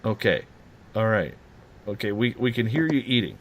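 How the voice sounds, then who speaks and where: A man's voice: fairly low pitch, normal speed. Radio host guy ranting and ribbing his cohost, voice bouncing up and down a lot. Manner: animated, teasing, ranting. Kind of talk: late-night radio talk.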